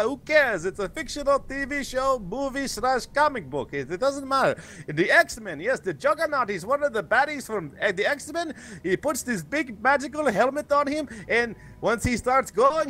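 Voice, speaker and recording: A man playing an ancient vampire count in a game stream voice chat, theatrical and fussy, with a grand put-on foreign accent. He pitches his voice high and swoops it up and down with sweeping exclamations. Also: a bit bright, a little hiss or hum, exaggerated voice.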